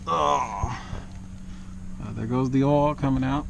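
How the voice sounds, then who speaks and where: Man, DIY car vlog, slow and exclaiming, talks to his cat, camera mic at varying distance, faint background hiss. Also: medium pitch, fairly even intonation, creaky. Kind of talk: casual talk while working.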